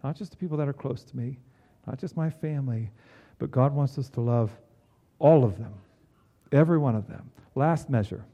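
A man preaching a sermon in an earnest way, with emphatic rises and quiet low drops. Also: moderate pace. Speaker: pastor.

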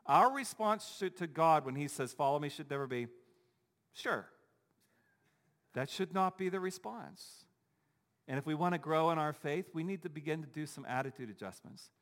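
A man's voice: a little high, brisk, fairly bright tone. Emphatic man preaching in an echoing hall. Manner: emphatic, repetitive, rhetorical questions. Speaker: pastor. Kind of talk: sermon. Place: church sanctuary.

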